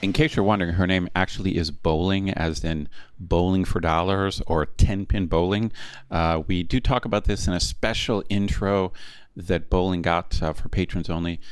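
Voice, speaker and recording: A man's voice: low voice, steady tone, moderate pace, clear, resonant tone. A man co-hosting a casual podcast, rambling and self-deprecating with lots of fillers. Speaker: podcast co-host. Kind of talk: casual chat.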